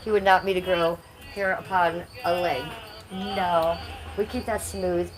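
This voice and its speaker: A woman's voice: fairly low pitch, fairly even intonation, unhurried, crowd noise. A woman hosting a casual livestream, reading chat comments aloud in a brash, crude and playful way. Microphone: phone.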